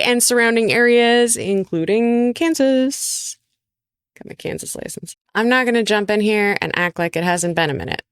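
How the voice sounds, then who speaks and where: A woman's voice: fairly high pitch, smooth, no room sound. A woman real estate agent talking casually to camera in a playful, dryly humorous vlog from her small office. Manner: chatty, playful, dry humor.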